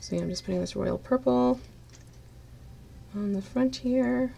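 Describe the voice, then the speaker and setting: A woman chatting casually on a live stream while she paints miniatures. She laughs often and greets her viewers brightly by name. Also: fairly high pitch, unhurried, creaky, a little hiss or hum.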